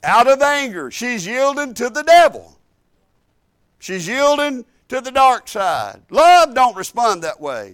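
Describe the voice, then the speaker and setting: A man's voice: very high-pitched, expressive, measured pace, fairly bright tone. A middle-aged man, preaching a sermon in a church, telling a story with emphatic repetition.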